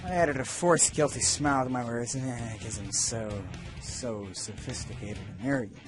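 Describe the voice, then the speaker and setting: A man's voice: medium pitch, normal speed. A man reviewing a video game, reading its text aloud and breaking off into sarcastic, jokey asides. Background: faint game music.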